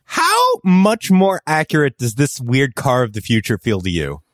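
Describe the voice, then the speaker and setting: A man co-hosting a podcast, trading sardonic jokes and deadpan asides in a casual recap chat. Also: medium pitch, normal speed, no echo. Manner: sardonic jokey quips, dry deadpan asides. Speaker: podcast co-host.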